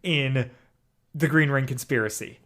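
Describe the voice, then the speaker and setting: A man co-hosting a podcast, chatting casually about an audio drama in an animated, rambling way full of restarts. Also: medium pitch, unhurried. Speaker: podcast co-host.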